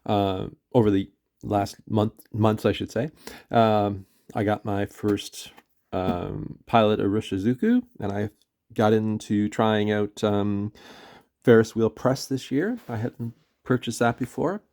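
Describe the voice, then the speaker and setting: Gravelly-voiced Canadian man, rambling vlog. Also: fairly low pitch, fairly even intonation, takes it slowly, dark tone. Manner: rambling, hesitant, many fillers and self-corrections. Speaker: pen and ink reviewer. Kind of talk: casual vlog review.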